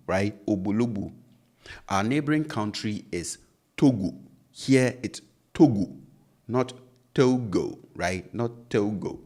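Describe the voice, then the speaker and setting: A fairly low-pitched, darkish voice belongs to a Ghanaian English–accented man, a native Twi speaker working as a language teacher. During his online lesson he patiently goes over pronunciation, saying each sound again.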